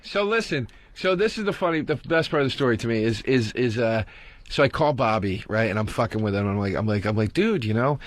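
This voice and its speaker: A man's voice: medium pitch, brisk. A man co-hosting a comedy podcast, telling a long story with lots of acted-out dialogue and swearing. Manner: animated storyteller, acts out phone calls. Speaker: podcast co-host. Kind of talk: casual comedy podcast chat.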